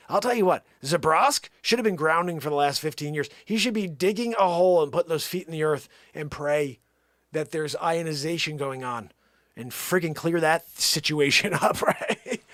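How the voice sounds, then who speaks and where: A man hosting a comedic live show, bantering and joking in an animated, over-the-top way, pleading and rambling on a pretend call. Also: fairly high pitch, normal speed, dry recording, studio quality. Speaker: livestream host.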